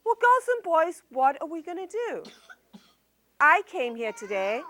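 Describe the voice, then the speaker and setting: A woman entertainer telling a story live to young children, animated and sing-song with drawn-out emphasis. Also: very high voice.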